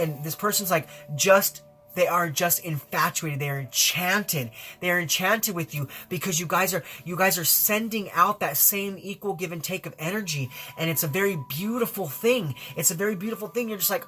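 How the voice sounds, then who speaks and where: A man's voice: high-pitched, fairly quick, pushed and bright, husky. A man giving a spiritual tarot reading in an effusive, rambling way, full of fillers and repeated phrases. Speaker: tarot reader.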